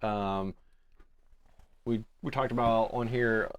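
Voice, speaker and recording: A man co-hosting a podcast, asking questions in a halting, hesitant way. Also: fairly low pitch, steady tone. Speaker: podcast co-host. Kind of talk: casual chat.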